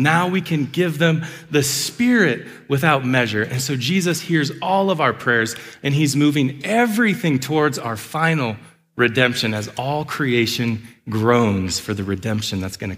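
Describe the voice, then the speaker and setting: Male pastor, 30s, mid-pitched, earnest preaching with humorous asides, church hall reverb. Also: animated, measured pace, a bit bright. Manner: earnest, with acted asides and laughs. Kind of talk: sermon. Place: church sanctuary. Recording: long reverb of a large hall.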